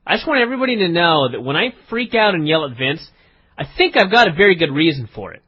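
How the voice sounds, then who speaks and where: Husky man teasing his co-host. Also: on the high side, sing-song, quick pace. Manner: teasing, rambling, mock-serious. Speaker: podcast co-host. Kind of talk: casual comedic chat. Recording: dull lo-fi podcast audio.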